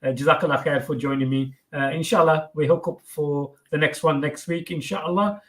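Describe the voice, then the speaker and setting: A man's voice: a little high, fairly even intonation, normal speed. Male stream host, casual, friendly, hesitant delivery. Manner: friendly, hesitant, filler-heavy.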